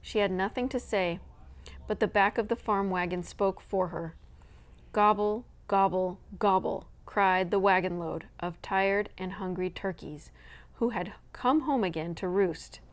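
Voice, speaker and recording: Woman reading a storybook aloud. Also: mid-range voice. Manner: even, measured storytelling. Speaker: storybook reader. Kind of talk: reading a children's novel aloud.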